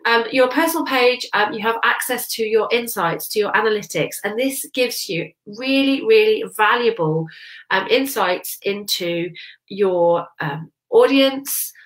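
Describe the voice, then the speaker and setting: A woman's voice: on the high side, measured pace, fairly bright tone. A woman with a head cold and a nasal voice gives a chatty teaching talk on social media for business, full of "um" fillers. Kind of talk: casual teaching talk to camera. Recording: roomy echo.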